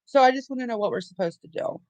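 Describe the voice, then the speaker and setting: Speaking fast in a fairly high, slightly mellow voice, a female livestream host rants heatedly, cursing and repeating herself. The audio is dry and muffled.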